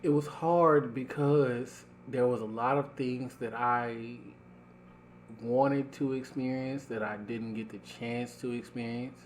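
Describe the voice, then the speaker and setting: A man hosting a casual podcast, talking in a slow, deliberate, reflective way. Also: medium pitch, fairly even intonation, slight background noise. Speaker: podcast host.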